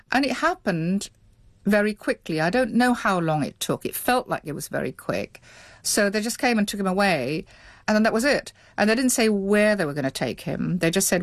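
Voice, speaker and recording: Interviewed about her childhood, a middle-aged woman remembers it reflectively and hesitantly, restarting often. Her voice is on the low side and expressive, at a moderate pace, with no room sound.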